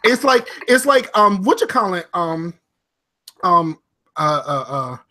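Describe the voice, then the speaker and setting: A man's voice: high-pitched, slow. A man co-hosting a podcast over a remote call, telling stories animatedly with lots of fillers. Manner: animated storytelling, frequent fillers. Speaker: podcast co-host. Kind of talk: casual podcast chat.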